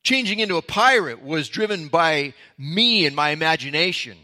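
A man's voice: on the high side, expressive, moderate pace, bright, forceful tone. A man, a pastor, giving a conversational Bible teaching that opens with a story from his own life. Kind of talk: sermon-style Bible teaching.

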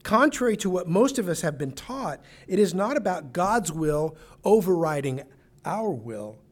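A man's voice: high voice, big pitch swings, measured pace. A man preaching a sermon as a pastor, earnest and emphatic, now and then restarting a phrase.

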